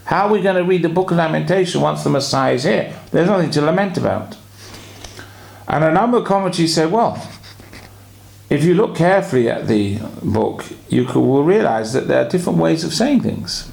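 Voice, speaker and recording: Gravelly-voiced man giving a sermon. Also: a little high, lively intonation, darkish tone. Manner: measured, explanatory teaching with drawn-out pauses. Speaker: rabbi.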